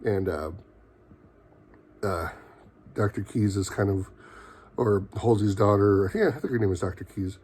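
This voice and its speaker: A man's voice: lowish voice, measured pace, pauses often, a little mellow, breathy edge. Rambling man recapping a show. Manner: rambling, full of fillers and mock quotes. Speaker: TV show reviewer. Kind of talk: casual episode recap.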